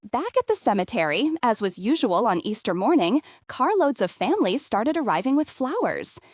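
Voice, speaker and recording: A woman narrating an audiobook in an expressive storytelling way. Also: fairly high pitch, normal speed, no echo, studio quality.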